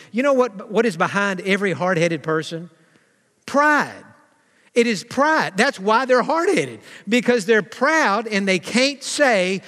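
A preacher with a high, bright voice delivers a sermon in a church sanctuary. He drags out key phrases for emphasis and acts out the people he quotes. His voice trails off into the long reverb of the hall. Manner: preaching with dramatic slowdowns and acted-out quotes. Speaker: pastor.

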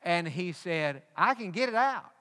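A man preaches a sermon with a high, bright voice. He tells a personal story and builds to emphatic peaks. His words ring out with the long reverb of a large church hall. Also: lively intonation, a little slow. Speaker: pastor.

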